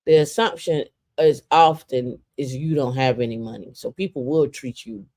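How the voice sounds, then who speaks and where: A woman co-hosting a podcast, telling a personal story in a casual, animated way, using lots of "like" and restarts. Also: a bass voice, normal speed. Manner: animated storyteller, swinging into lively voices for quotes; frequent "like" and repeated restarts. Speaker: podcast co-host.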